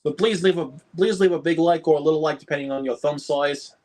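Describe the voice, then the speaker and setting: A man's voice: fairly high pitch, fast talker, a little mellow, voice pushed up, natural voice. A man doing a playful, sing-song catchphrase in a put-on Australian accent.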